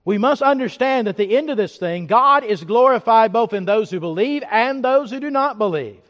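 A man preaching a sermon as pastor, emphatic, swinging from loud declarations to hushed reflection. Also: very high voice, expressive, normal speed, big-room sound, muffled recording.

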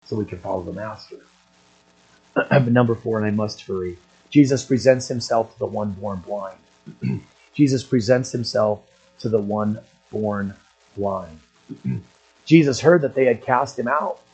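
An older man delivers a sermon in a husky, slightly rough voice at an ordinary pitch. He clears his throat between points and swings from low, quiet asides up to loud, emphatic stretches. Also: rough recording. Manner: clears his throat often, builds to emphatic raised passages. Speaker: pastor.

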